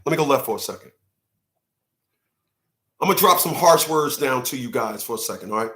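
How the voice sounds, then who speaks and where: A man hosting an animated opinion monologue, emphatic, acting out little mock dialogues and laughing at his own jokes. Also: medium pitch, fairly quick, roomy sound. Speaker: commentary show host. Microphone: livestream setup.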